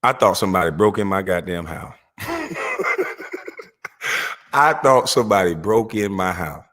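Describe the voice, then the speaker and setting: A middle-aged man telling a comic story about his family, profane and animated, laughing often. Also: deep voice, measured pace. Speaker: vlogger. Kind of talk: comedic storytelling monologue. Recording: long echoey reverb.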